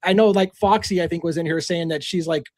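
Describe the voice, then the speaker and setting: A middle-aged man hosting a livestream, short on sleep, telling a story in animated fashion and acting out quotes. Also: a little high, fairly quick, no room sound. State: tired from lack of sleep. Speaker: livestream host. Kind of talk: casual livestream chat.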